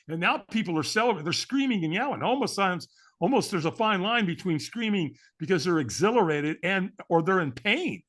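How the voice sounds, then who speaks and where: A man's voice: high-pitched, big pitch swings, fairly quick, a bit bright. A middle-aged man, a podcast guest, telling a story with energy and acting out the voices of the people in it. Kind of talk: animated storytelling.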